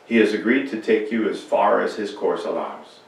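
A man voicing a cheerful grown rescuer who speaks warmly and reassuringly. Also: on the low side, normal speed, gravelly. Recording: echoey church from far off.

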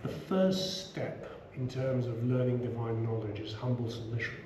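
A middle-aged man leading a relaxed scripture class, chatty, with many asides and repeated "you know"s. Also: medium pitch, normal speed. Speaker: scripture teacher. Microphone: small action camera. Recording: roomy room, faint background hum.

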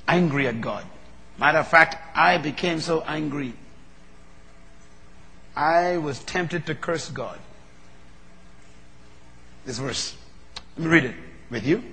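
A man preaching a sermon, moving from low, measured talk to loud, fervent preaching. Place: large hall. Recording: long reverb of a large hall.

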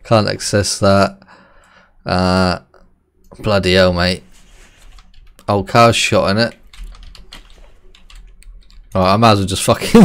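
Excitable swearing streamer man. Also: low voice, slow pace, long pauses, smooth. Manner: excitable, swears a lot, chats with viewers. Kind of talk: live gameplay commentary.

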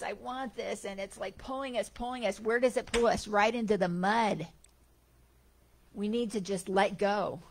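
A woman delivering a Sunday spiritual talk to a congregation. She tells stories in an animated, conversational way, and her voice sits at a middle pitch. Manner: animated, chatty storytelling. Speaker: guest speaker at a spiritual center.

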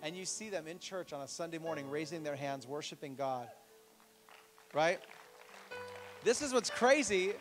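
Male pastor, higher voice, lively storytelling sermon, faint instruments behind. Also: rough recording. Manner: animated storytelling preacher, rising to emphatic appeals. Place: church sanctuary.

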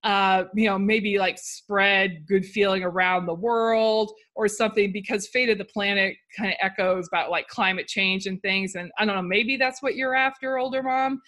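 A woman gives warm, encouraging feedback on a short written piece while thinking aloud. She often pauses and restarts her sentences. Her voice has a bright, forward tone. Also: medium pitch, steady tone. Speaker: writing coach. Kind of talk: reading aloud and critiquing a writing entry.

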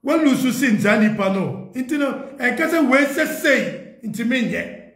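A man's voice: extremely high pitch, lively intonation, moderate pace, fairly bright tone. A man with a Ghanaian accent making an earnest, pleading appeal to party leaders, mixing in English. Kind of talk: impassioned appeal, Twi mixed with English. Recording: echoey room.

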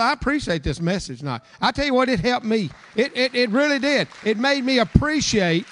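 A man pastor giving informal closing remarks at a church service, talking in a rambling way full of stumbles and repeated words. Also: sits high.

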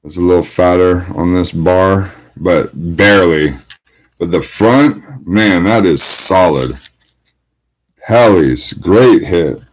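Slow, low-voiced man calling card pulls. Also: low-quality recording. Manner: hyped, calls out each card pulled. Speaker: card break host. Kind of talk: live card-breaking commentary.

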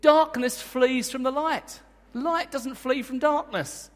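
Male preacher, lively and joking, high voice, long hall reverb. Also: takes it slowly. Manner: energetic, emphatic, joking with the congregation. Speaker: guest preacher. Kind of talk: sermon. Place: church hall.

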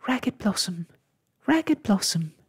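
A reader voicing a small excited gum-nut baby boy in a whispered role-play, with high, pleading calls. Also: slow, breathy edge, heavily acted. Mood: desperate.

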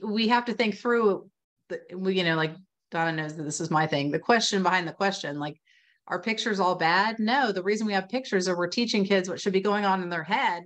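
A woman speaking in a casual webinar conversation over a video call, chatty and animated, full of "you know" and "like" as she explains reading instruction. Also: medium pitch.

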